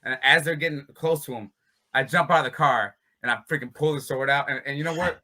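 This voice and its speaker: A man with a very bright, sharp-edged voice spins loose, casual stories as a fighter on an interview show. He keeps slipping into laughter while he talks. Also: medium pitch, fast talker. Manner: laughs often while talking. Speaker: bare-knuckle fighter, interview guest. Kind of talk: casual storytelling.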